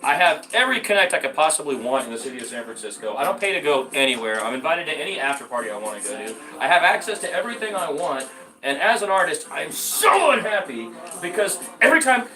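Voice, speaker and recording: A man telling stories in a casual conversation, animated and emphatic, swearing freely and often jumping up in pitch. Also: fast, recorded from a distance. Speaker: podcast guest. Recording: echoey room, off-mic, faint music.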